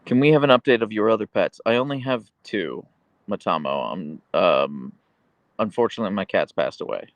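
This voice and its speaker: A man hosting a casual livestream, reading viewer comments aloud and chatting about his dogs, slipping into a high cooing voice for his pet. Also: expressive, moderate pace, no room sound. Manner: goes high and cooing when talking to his dog. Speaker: livestream host.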